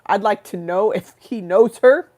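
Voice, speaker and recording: Woman putting on a tough older sister, loud, gruff, threatening, slow. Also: medium pitch, close to an everyday voice. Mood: menacing.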